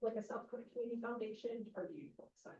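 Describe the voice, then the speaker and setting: A woman's voice: on the high side, very fast, dark tone, a little hiss or hum. Woman asking from the audience, far off. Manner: asks questions with hesitant phrasing. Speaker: audience member asking a question. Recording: distant, echoey, dull room sound.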